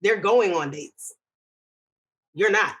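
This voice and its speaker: A woman's voice: mid-range voice, a bit bright, low-quality recording. A woman co-hosting a podcast in casual chat, ranting with strong opinions. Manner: opinionated, ranting, quick asides. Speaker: podcast co-host.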